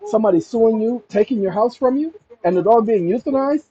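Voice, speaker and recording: High-pitched guy reading the news and reacting hard, talks right at his viewers, muffled lo-fi audio. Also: lively intonation, brisk, mellow. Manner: emphatic, addresses viewers directly. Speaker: commentary channel host.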